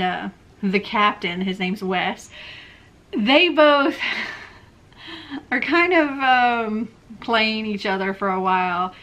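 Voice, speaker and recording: Young woman rambling bout books on her channel, slow and chatty, bright voice. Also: medium pitch. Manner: chatty, many fillers like "like" and "um". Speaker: book vlogger. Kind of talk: casual book review chat.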